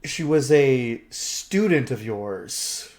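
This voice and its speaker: A man's voice: mid-range voice, expressive, very slow, a little mellow. Chatty game master man on a call. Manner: chatty, laughs easily, restarts sentences while describing. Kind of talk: narrating a tabletop game. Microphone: online call microphone.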